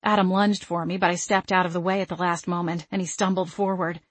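A woman narrating a first-person novel with an expressive, emotional reading. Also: lowish voice, a little fast. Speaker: audiobook narrator.

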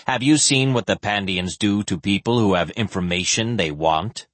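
A man voicing a drunk, cynical male mercenary with a slurred, mushy voice, pitched lower than his own. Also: moderate pace, fairly bright tone, dry recording. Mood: sardonic.

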